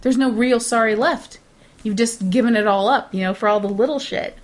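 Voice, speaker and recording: A woman's voice: on the high side, moderate pace. A young woman co-hosting a podcast, ranting bluntly in casual chat and laughing often. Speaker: podcast co-host.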